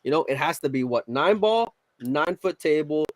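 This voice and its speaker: A man's voice: a little high, expressive, normal speed, no echo, low-quality recording. A man co-hosting a podcast, speaking in a blunt, emphatic way. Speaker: podcast co-host. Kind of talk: casual podcast chat.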